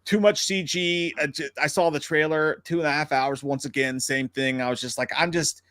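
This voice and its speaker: A man's voice: a little high, moderate pace, no room sound, studio quality. A man co-hosting a casual live movie chat stream, swearing freely and reading viewer comments. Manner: animated, swearing, breaks into loud put-on movie-star impressions. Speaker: podcast co-host.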